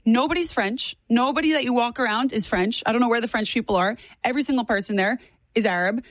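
Woman in her twenties, rapid speech, fairly high voice, dry close recording. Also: no echo. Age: 20s. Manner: rapid, animated, opinionated. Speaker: guest. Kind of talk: casual political chat.

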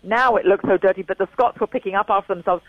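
Speaking fast at a medium pitch, a woman from England in her sixties gives a remote interview as a guest, restating her points to stress them. The audio is dull, with no room sound.

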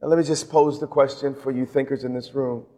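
A man, a bishop, preaching a sermon, breaking into shouts and then stretching words out slowly for emphasis. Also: medium pitch, steady tone. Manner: preaching with sudden shouts and drawn-out slow emphasis. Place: church sanctuary. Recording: long reverb of a large church.

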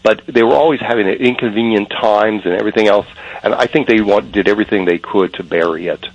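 A man's voice: on the low side, fast talker, breathy edge. A man calling in to a radio show, talking earnestly in long run-on sentences over a phone line. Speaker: caller. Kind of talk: phone-in call. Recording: dull muffled phone-in line.

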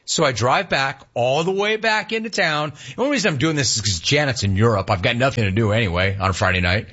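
A man hosting a radio show, telling an exasperated story in a casual, animated way and acting out what people said. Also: mid-range voice, quick pace, lo-fi sound. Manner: animated, exasperated retelling with quoted voices.

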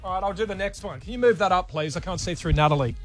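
Aussie guy radio host, really high voice, jokey, music faint behind. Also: quick pace. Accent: Australian. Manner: joking, upbeat. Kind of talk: casual radio banter.

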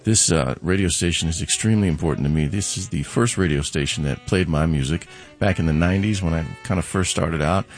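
Deep-voiced middle-aged male musician guest. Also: fairly quick, few pauses, soft background music. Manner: easygoing, explains with restarts. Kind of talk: relaxed interview talk. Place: radio studio.

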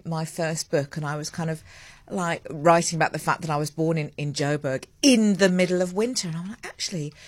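A woman hosting breakfast radio, chatting in a lively, self-mocking way with lots of asides. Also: fairly low pitch, no room sound. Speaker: radio host. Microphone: studio mic with headphones.

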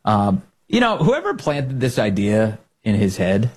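A man's voice: on the low side, wildly swooping pitch, a little slow, a little mellow, slightly rough. A man hosting a political commentary show, mocking and incredulous, firing off rhetorical questions. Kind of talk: sarcastic commentary monologue.

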